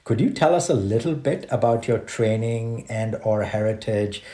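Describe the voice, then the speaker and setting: A man hosting an interview podcast, asking his questions in a measured, courteous way. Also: lowish voice, expressive, mellow. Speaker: podcast host. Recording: roomy echo.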